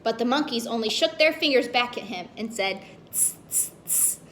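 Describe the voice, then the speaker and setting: A woman's voice: fairly high pitch, expressive, a little fast, fairly bright tone, slight background noise. A woman reading a children's story aloud, playfully asking the kids questions as she goes.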